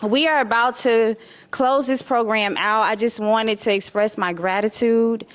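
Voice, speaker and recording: A woman's voice: a little high, steady tone, a little slow, smooth. A woman who runs a publishing house, giving a heartfelt, tearful thank-you speech to an audience at her book launch on a handheld microphone. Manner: warm, tearful, effusive gratitude. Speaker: publisher and host. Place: event hall with live audience.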